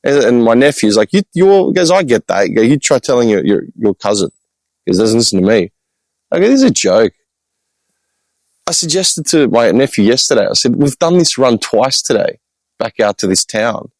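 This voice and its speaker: An Australian man, a podcast host, telling stories in an animated, exasperated way with blunt swearing, in a casual walk-and-talk vlog. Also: mid-range voice, normal speed, dry recording, rough recording. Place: outdoor hillside cemetery with birds.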